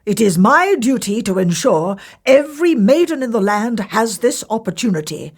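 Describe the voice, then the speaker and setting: A woman's voice: on the high side, big pitch swings, moderate pace, husky, full character voice. A woman doing a pompous royal messenger. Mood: firm. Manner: formal, dutiful, self-important.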